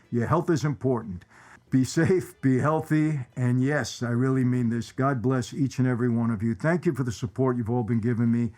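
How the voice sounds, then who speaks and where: A man's voice: mid-range voice, a little mellow. A man hosting his own channel, chatting casually about favorite movie lines in a rambling way, repeating phrases for emphasis. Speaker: channel host. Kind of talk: casual movie commentary to viewers.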